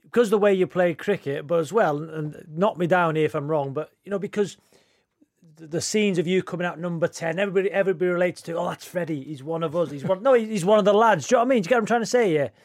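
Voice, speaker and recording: A man co-hosting a podcast, talking rapidly and repeating himself as he checks he is understood. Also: high voice, dry recording, studio quality. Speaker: podcast co-host. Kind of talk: casual chat.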